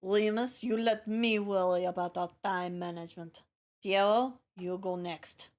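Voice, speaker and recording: A woman reading as a slow, imperious noblewoman. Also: mid-range voice, fairly even intonation, a little mellow, lightly acted. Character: stern commanding noblewoman judge. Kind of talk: reading a game aloud with voices.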